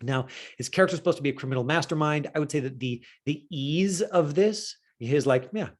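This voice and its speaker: A middle-aged man teaching acting in a casual, talkative way, full of fillers and quick asides. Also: fairly high pitch. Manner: chatty, full of fillers, breaks into quoted voices.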